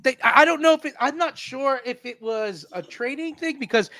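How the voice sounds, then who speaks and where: Man, radio comedy host, casual banter, rambling, very high voice, dry studio sound. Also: lively intonation, normal speed, sharp tone, no echo. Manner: rambling, restarting explanations. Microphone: studio microphone.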